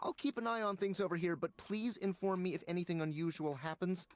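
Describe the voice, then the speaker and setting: A man's voice: sits high, steady tone, a little fast, no room sound, natural voice. A man playing an urgent, worried tech scientist. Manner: urgent, explanatory. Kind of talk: video game character dialogue.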